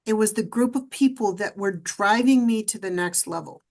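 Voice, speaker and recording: A middle-aged woman, a podcast guest, telling her story in an animated, emphatic way. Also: medium pitch, normal speed, slight background noise. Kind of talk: storytelling interview.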